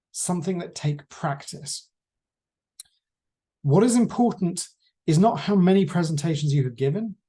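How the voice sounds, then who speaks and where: A man teaching a class on presentation skills, lecturing in a measured way with deliberate pauses. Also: fairly high pitch, warm tone.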